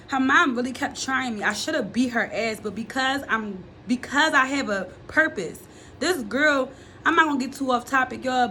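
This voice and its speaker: A woman's voice: a little high, pushed and bright, slight background noise. A young woman telling her own life story to her viewers in a candid, blunt, profane way, speaking straight to them. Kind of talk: candid confessional storytelling to camera.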